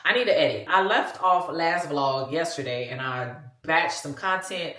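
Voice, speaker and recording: Low-voiced chatty Louisiana woman. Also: animated, normal speed, fairly bright tone, roomy sound. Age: 40s. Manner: chatty, talks straight to viewers as "y'all". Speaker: vlogger. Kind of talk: casual vlog chat.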